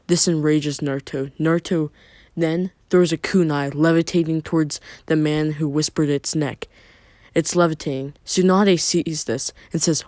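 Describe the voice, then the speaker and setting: A man's voice: on the high side, fairly even intonation, normal speed, darkish tone, no echo, studio quality. A man narrating a fan story in a plain, loosely improvised way with filler asides.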